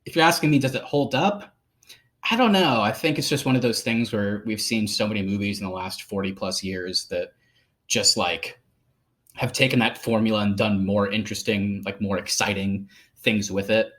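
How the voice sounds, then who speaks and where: A man's voice: lowish voice, moderate pace, a bit bright. Guy on a movie podcast just rambling, lots of "like", laughing along. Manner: rambling, laughing, many fillers. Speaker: podcast co-host. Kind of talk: casual film discussion.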